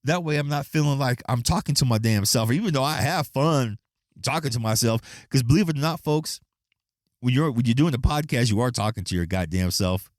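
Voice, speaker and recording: A man hosting his own podcast, talking in a profane, animated rant and acting out the people in his stories. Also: mid-range voice, fairly quick, no echo, clean studio sound. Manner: profane, animated storytelling with quoted voices. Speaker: podcast host. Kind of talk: casual solo podcast rant.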